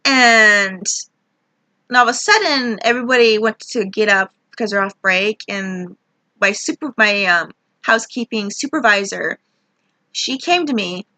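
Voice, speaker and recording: A woman's voice: medium pitch, a little slow, pushed and bright, dry recording. A young woman telling a frustrated, rambling story about her job, swearing a lot as she vents. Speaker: vlogger. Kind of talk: ranting personal story.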